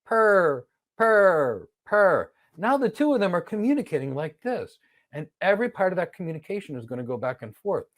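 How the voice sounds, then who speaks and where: A man teaching an online training lesson, explaining ideas through lively storytelling with acted-out dialogue. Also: high voice, fast. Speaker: instructor.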